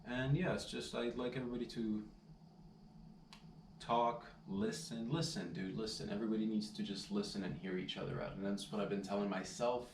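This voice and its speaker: A man's voice: lowish voice, fairly even intonation, a little fast, creaky, a little hiss or hum. A man vlogging casually, rambling and laid-back, saying "dude" and "man" constantly. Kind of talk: casual storytelling vlog. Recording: roomy sound, distant mic, faint ambience.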